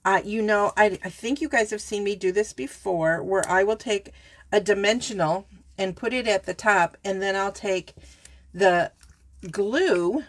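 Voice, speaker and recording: Chatty woman demonstrating card making. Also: mid-range voice. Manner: chatty, self-correcting, talks straight to viewers. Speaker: papercraft demonstrator. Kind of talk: casual craft tutorial.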